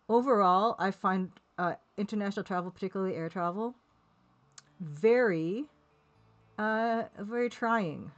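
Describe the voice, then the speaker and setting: A woman chats casually on a live stream, rambling as she reads viewers' comments aloud and laughing often. Her voice is mid-range, and the recording sounds lo-fi.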